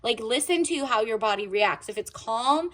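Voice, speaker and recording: A woman's voice: fairly high pitch, lively intonation, moderate pace, a bit bright. A woman giving a casual tarot reading, chatty and rambling with lots of filler words. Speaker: tarot reader.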